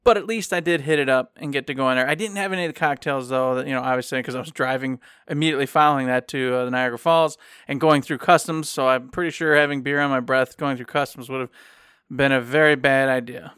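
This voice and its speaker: A man from Michigan, co-hosting a podcast and telling a rambling, animated story in casual chat, acting out the people he quotes. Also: medium pitch, fast talker, smooth, no echo, studio quality. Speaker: podcast co-host.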